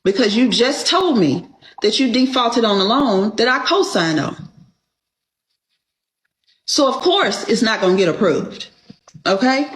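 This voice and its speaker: A woman's voice: a little high, expressive, a little slow, long pauses. A woman telling her story on a show, emphatic and profane, often checking in with "okay?". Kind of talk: casual storytelling. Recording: echoey room.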